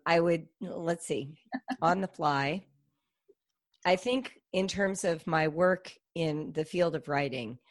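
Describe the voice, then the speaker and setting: A middle-aged woman talking as a podcast guest, her voice sitting a touch low. She is thoughtful and expressive, with a storyteller's manner. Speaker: guest, homeschool author. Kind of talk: podcast interview.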